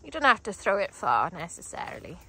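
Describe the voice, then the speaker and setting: A woman dog trainer demonstrating outdoors, explaining calmly between bursts of high, excited calls to her dogs. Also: brisk, breathy edge. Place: outdoors on grass.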